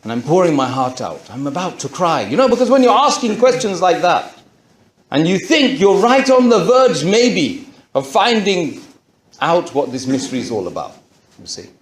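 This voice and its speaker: A man telling the audience his own story in a lively storytelling talk, full of rhetorical questions. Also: high-pitched, moderate pace, roomy sound. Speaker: speaker giving a conversion testimony.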